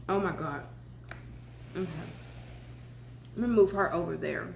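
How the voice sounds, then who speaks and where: A woman's voice: on the low side, unhurried, creaky, long pauses, darkish tone, roomy sound, slight background noise. A young woman with a Southern US accent, chatting casually while eating and talking with her mouth full in her home kitchen. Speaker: vlogger.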